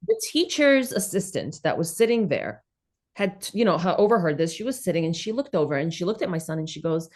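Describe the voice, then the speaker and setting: A woman in her thirties with a New York accent, originally from the former Soviet Union, chatting as an interview guest in an animated, emphatic, blunt way. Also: on the low side, a little fast. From former Soviet Union, raised in New York City. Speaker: guest, comedian and content creator. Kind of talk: casual interview chat.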